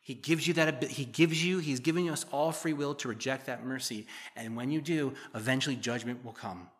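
Speaking fairly quickly in a mid-range voice, this middle-aged pastor works through a sermon by reading Bible verses aloud. He unpacks each one in a relaxed, chatty way, slipping jokes in between.

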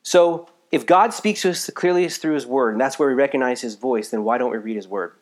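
A pastor from the United States preaches a live sermon in a conversational style, his medium-pitched voice moving a little fast. He sounds a little tired, swinging between emphatic bursts and quiet asides.

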